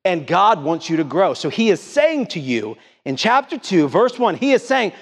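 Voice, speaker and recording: In a church sanctuary with a long reverb tail, a middle-aged pastor preaches emphatically, peppering the congregation with questions in call-and-response style. His high, very animated voice rises and falls at normal speed with few pauses.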